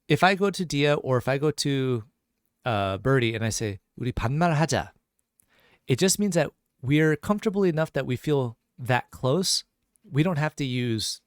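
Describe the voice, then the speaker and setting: A man teaching a relaxed live-streamed language lesson, talking at an ordinary middle pitch. He chats loosely and answers viewer questions as they come in. The sound is dry and close, with almost no room echo. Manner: casual, chatty, reads chat questions aloud.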